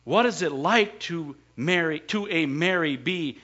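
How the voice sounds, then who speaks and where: A man preaches with a high, bright voice and keeps asking the congregation rhetorical questions. He leans hard on his points. The recording sounds dull and lo-fi. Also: measured pace. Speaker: pastor. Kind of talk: sermon.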